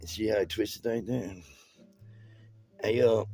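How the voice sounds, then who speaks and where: A man's voice: lowish voice, fairly even intonation, takes it slowly, vocal fry, dark tone, soft background music, rough recording. A man who tells meandering stories while showing how to tie-dye a shirt, using casual, streetwise speech and often restarting his sentences. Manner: rambling, restarts and drifts between stories. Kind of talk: storytelling while demonstrating a craft.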